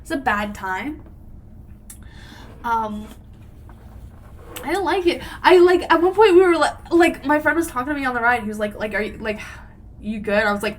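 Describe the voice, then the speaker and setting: A woman's voice: on the high side, lively intonation, normal speed, long pauses. A young woman co-hosting a podcast, telling a long casual story with lots of "like" and fillers. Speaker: podcast co-host. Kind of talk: casual chat.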